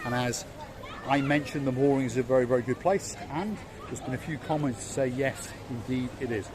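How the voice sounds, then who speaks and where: A Yorkshireman from England hosts a chatty walking-tour vlog along a seaside promenade, often repeating words for emphasis. His medium-pitched voice moves a little fast over outdoor street noise and the sounds of a crowd.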